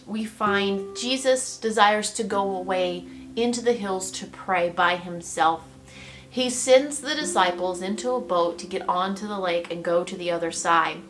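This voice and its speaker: A woman hosting a devotional podcast, teaching a Bible passage in a conversational way and often checking in with her listeners. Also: medium pitch. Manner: animated storytelling, acts out the scene. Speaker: podcast host and pastor's wife.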